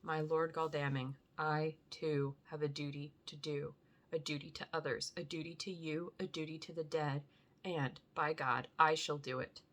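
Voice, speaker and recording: A woman reading aloud and voicing a grave, solemn old foreign doctor who speaks in measured tones. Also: low voice, fairly even intonation, a bit bright, full character voice. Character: grave old foreign male doctor, stern yet tender. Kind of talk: audiobook reading.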